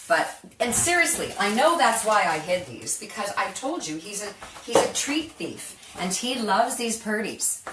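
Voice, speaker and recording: A woman's voice: mid-range voice, sing-song, a little slow, few pauses. Chatty woman hosting a kitchen show. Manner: chatty and rambling, laughs often. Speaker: cooking show host. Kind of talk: casual live-stream chat. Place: home kitchen. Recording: roomy kitchen, mic far off, noisy.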